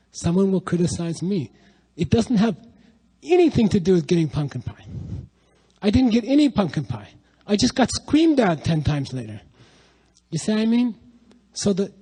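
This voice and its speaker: A middle-aged man giving a lively spiritual talk to an audience, telling stories and asking rhetorical questions. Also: high-pitched, husky, low-quality recording. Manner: animated, rhetorical questions, storytelling. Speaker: spiritual teacher.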